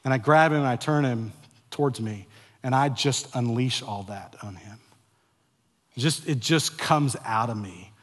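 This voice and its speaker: A man's voice: medium pitch, a little slow. Preaching man in a reverberant hall. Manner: confessional storytelling rising to loud, emphatic preaching; frequent stumbles and repeated words. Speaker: pastor. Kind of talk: sermon. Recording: long reverb of a large hall.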